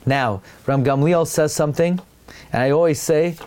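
A man giving a sermon with animated storytelling and rhetorical questions, sprinkling in Hebrew terms. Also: on the high side, measured pace, clean tone. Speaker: religious teacher.

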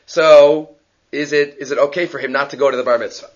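A man teaching a Talmud lesson, lively and animated, acting out quoted people and weaving Hebrew quotations into his English. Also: on the high side, fairly quick, dull audio. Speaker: Torah teacher giving a daf yomi class.

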